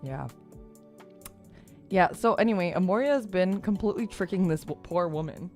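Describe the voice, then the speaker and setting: A young adult woman streamer telling a story in casual chat, animated, laughing and swearing freely. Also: on the low side, quick pace, soft background music.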